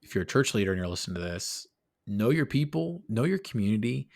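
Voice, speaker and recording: Animated man chatting on a podcast. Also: on the low side, quick pace, vocal fry. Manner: animated, rambling, self-deprecating. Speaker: podcast co-host. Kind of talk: casual chat.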